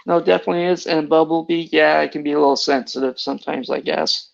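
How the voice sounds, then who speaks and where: A man's voice: on the high side, fairly even intonation, fast, vocal fry, muffled recording. A man hosting a podcast in casual chat, hesitant and full of fillers. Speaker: podcast host.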